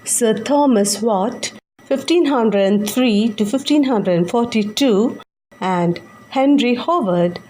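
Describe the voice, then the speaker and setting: Slow, careful woman teacher. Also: fairly high pitch, warm tone, rough recording. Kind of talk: exam-focused literature lesson.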